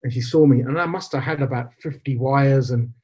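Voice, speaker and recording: A man's voice: medium pitch, fairly quick, darkish tone, husky. A man, telling a personal story as a podcast guest, acting out quoted dialogue and slipping in Punjabi phrases. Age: 40s. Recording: slightly dull lo-fi podcast audio.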